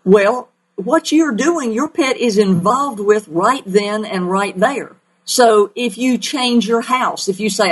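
A woman's voice: a little high, expressive, slow pace, husky, low-quality recording. A woman with a Southern accent hosting a call-in radio show as a pet psychic, folksy and emphatic.

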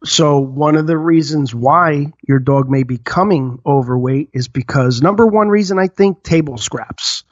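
A man's voice: fairly high pitch, measured pace, few pauses, no echo, muffled recording. A man from New Jersey with a New Jersey accent, co-hosting a podcast in easygoing casual chat and giving dog-care advice. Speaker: podcast co-host.

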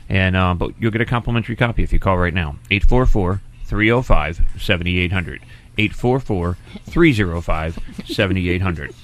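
A middle-aged man hosting a casual radio talk show, loose and rambling, with fillers and quick asides. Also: deep voice, fairly bright tone. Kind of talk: casual on-air radio chat.

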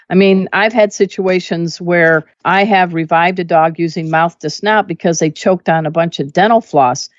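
A woman who teaches pet first aid, telling stories and giving emphatic advice in a casual, animated way. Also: fairly low pitch, dry recording. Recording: dull lo-fi dry audio.

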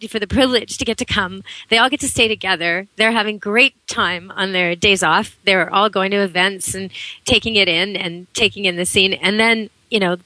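A middle-aged woman hosts a radio show, chatting in a lively storytelling manner. Her voice is bright and forward. The sound is dry and close, with no room around it. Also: medium pitch, no room sound, rough recording. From Canada. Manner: chatty, animated storytelling with laughs. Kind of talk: casual chat on air.

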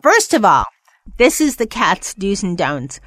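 Woman, pet show host, casual rambling chat, playful pet voices, dry close mic, mid pitch. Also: a little slow, dry recording. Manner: chatty, rambling, playful, mimics excited pets in high voices. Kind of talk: casual monologue.

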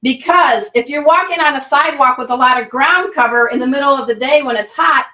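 A woman teaches pet first aid as an interview guest, vivid and instructive in a folksy, energetic way. Her voice sits high. The sound echoes around a room, and she sits somewhat back from the mic. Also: fairly quick, recorded from a distance. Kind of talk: guest expert in an online interview. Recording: roomy, a bit off-mic.

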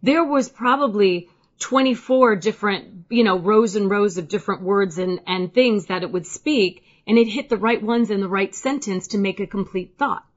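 A woman host tells everyday stories with lively, expressive energy. Her voice sits at a middle pitch. The recording has a dull, lo-fi quality. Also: normal speed. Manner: animated storyteller, lively and expressive. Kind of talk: casual chat.

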